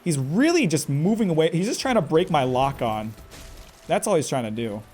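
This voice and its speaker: A man's voice: a little high, sing-song, moderate pace, a little mellow, faint music behind. A man commentating live on his own gameplay in a chatty way, talking to himself and to the enemy and exclaiming often. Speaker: game streamer.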